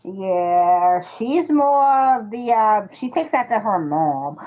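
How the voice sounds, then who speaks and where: On a live stream, a woman chats casually, telling stories with animation, laughing often and acting out children's voices when quoting them. She speaks at a medium pitch and takes her time, heard through a call microphone with dull, lo-fi stream audio.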